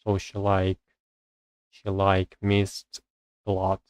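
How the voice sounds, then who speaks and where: A man on a live stream working through English grammar exercises, reading rules aloud and thinking out loud with hesitant pauses as he searches for words. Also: low-pitched, completely flat delivery, dry recording, poor audio.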